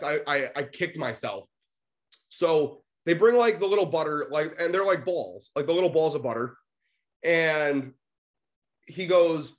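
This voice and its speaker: A young man co-hosting a podcast, telling a story in a casual, animated way, swearing freely and acting out the voices of the people he quotes. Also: fairly high pitch. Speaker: podcast co-host.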